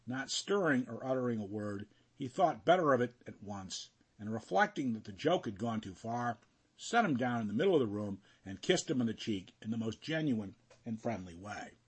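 A man narrating a classic novel in an expressive, storytelling way. His voice is husky and sits in a middle range. His delivery swings widely in pitch as he shapes each sentence. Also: moderate pace. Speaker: audiobook narrator. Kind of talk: scripted narration.

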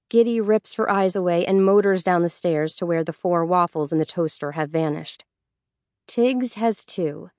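A woman reading a novel aloud as an audiobook narrator in a steady, even storytelling voice. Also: lowish voice, no echo, clean studio sound. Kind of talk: scripted narration.

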